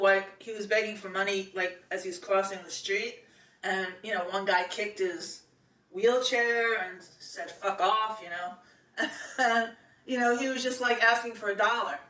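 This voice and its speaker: A woman's voice: mid-range voice, a little slow, sharp tone. A middle-aged woman tells a personal story in a chatty, meandering way. She doubles back with fillers and restarts as she goes. Her voice sits in an echoey room, a little distant from the mic.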